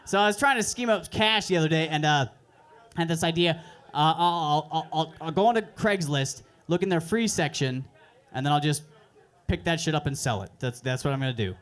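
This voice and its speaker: At an open mic on a comedy club stage, a young stand-up comedian with a fairly high voice runs through his set. He speaks fairly quickly into a handheld stage mic, and his delivery is crude, deadpan and self-mocking.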